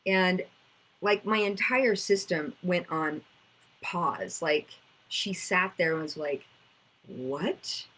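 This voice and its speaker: A woman's voice: lowish voice, takes it slowly, fairly bright tone, rough recording. A woman, teaching about inner child work in a casual storytelling way, acting out conversations. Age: 50s.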